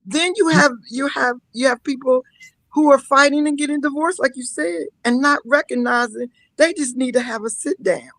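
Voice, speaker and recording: A woman guest on a live-streamed talk show, telling lively personal stories with frequent laughter and mock-scolding asides. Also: high-pitched, moderate pace, no echo, low-quality recording. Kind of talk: emotional casual talk-show chat.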